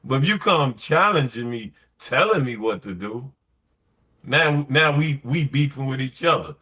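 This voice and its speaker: A man's voice: medium pitch, animated, measured pace, sharp tone. A man talking on a late-night podcast in a blunt, slangy, emphatic way, telling stories and giving opinions. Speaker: podcast host.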